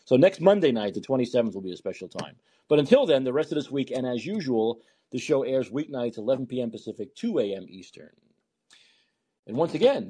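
A man's voice: medium pitch, dark tone, slightly rough. A man hosting his own talk show, rambling through sarcastic political commentary and often interrupting himself.

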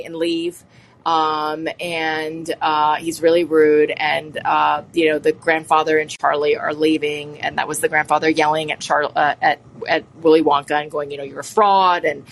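A woman's voice: low-pitched, flat delivery, normal speed, creaky, slight background noise. A woman giving a casual spoken lesson, talking in an earnest, rambling way with many ums and restarts. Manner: earnest, easily moved. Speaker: presenter explaining literature.

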